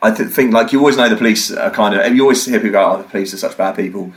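A man's voice: fairly low pitch, racing, rough recording. A young man from the UK, a podcast guest, telling a story casually, swearing and acting out what people said. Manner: swearing, animated, acts out quotes.

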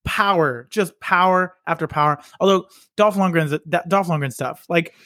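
Excitable young man podcaster, filler-heavy. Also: fairly high pitch, normal speed, no room sound, studio quality. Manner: loose, excitable, lots of "like" fillers. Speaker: podcast co-host. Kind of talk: casual chat.

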